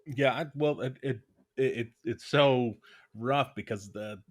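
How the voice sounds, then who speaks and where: A man co-hosting a podcast in casual conversation, speaking haltingly with frequent restarts as he searches for his words. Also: medium pitch. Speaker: podcast co-host.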